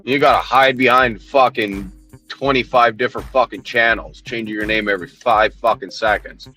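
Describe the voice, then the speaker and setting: A man's voice: medium pitch, fairly even intonation, moderate pace, pushed and bright, faint music behind. A man ranting heatedly on a livestream, swearing constantly, mocking and confronting people while he answers his chat.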